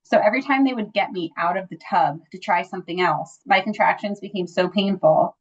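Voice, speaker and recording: Telling a personal story in a casual interview, this woman speaks with a fairly low, slightly rough voice at a somewhat quick pace, sprinkling in "like" and "you know." She grows animated when acting out quoted dialogue, and the lo-fi audio sounds a bit dull.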